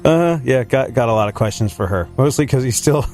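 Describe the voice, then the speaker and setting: A man hosting a radio show who grew up in England, chatting in an animated, rambling way and laughing often. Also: medium pitch, fairly quick, faint music behind. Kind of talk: casual radio banter. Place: radio studio.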